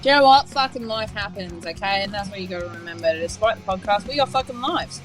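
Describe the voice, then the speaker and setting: An Australian woman co-hosting a podcast in brash, loud casual chat, swearing constantly. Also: medium pitch, animated, quick pace, over music, poor audio. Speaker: podcast co-host.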